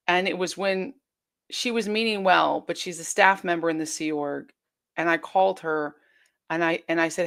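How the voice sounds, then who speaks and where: A woman speaks as a guest in a candid interview, her voice pitched slightly low. She is earnest and intense, often voicing her own past thoughts as she goes. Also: moderate pace. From United States.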